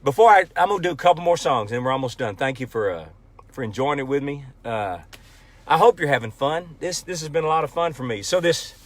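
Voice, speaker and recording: A man's voice: fairly high pitch, lively intonation, brisk. A man chatting casually on a livestream from his pickup at a ranch, rambling and telling jokes. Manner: folksy, rambling joke-teller. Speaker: country singer hosting a livestream. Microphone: phone livestream.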